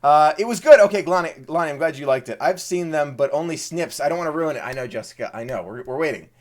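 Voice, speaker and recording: A man from Maryland hosting a live stream, casually chatting and greeting viewers. He sounds eager and excitable and often repeats words. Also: on the high side, fast talker.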